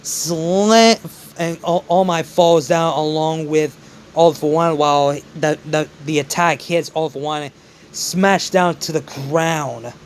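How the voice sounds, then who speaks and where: Halting, slow-talking man telling a fan story. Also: on the high side, fairly even intonation, a little hiss or hum. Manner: halting, with many restarts.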